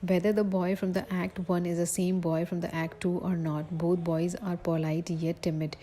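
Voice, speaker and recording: A woman giving a recorded literature lecture, reading from notes haltingly, with slips and self-corrections. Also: fairly low pitch, level tone, mellow, a little hiss or hum, rough recording.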